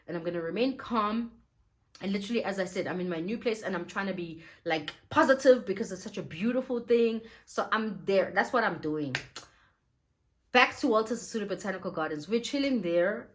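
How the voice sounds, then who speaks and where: A young woman tells her story straight to the camera, her pitch leaping up and down with every turn of it. She talks casually and emotionally, with laughter breaking in often. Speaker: vlogger.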